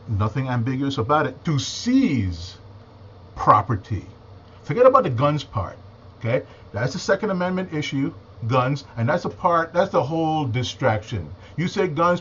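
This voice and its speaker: Agitated male commentator, emphatic and repetitive, slightly muffled lo-fi audio. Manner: agitated, emphatic, repeats words and takes deep breaths. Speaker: political commentator. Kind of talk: impassioned monologue. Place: home, with a small AM radio nearby. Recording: slightly dull lo-fi recording with faint noise.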